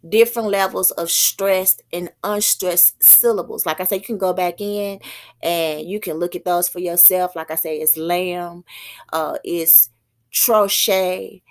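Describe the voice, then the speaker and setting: A woman teaching poetic meter in an informal spiritual talk, thinking aloud, slowing down to read terms and stumbling over unfamiliar words. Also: fairly low pitch, steady tone.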